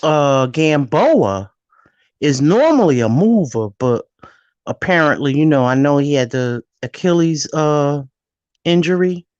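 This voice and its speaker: A woman joining a live stream by call, talking boxing in a measured, hesitant way with many fillers. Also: sits low, very animated, a little mellow, no room sound, muffled recording.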